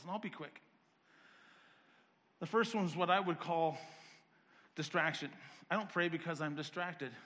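A man preaching a sermon, firing off rapid rhetorical questions and building to a fervent intensity, with the occasional self-deprecating aside. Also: fairly high pitch, bright, forceful tone.

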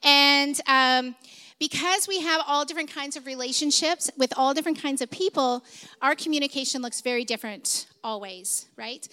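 A woman's voice: sits high, pushed and bright, clean tone. A middle-aged woman telling a story in a sermon, conversational, with many fillers and asides. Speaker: speaker at a church service.

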